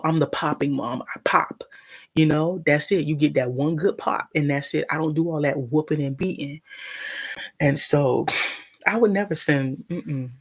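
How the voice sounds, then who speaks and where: With a low, slightly rough voice full of vocal fry, a woman eats while recounting a long, indignant story to her live-stream viewers at home, rambling and frequently starting over.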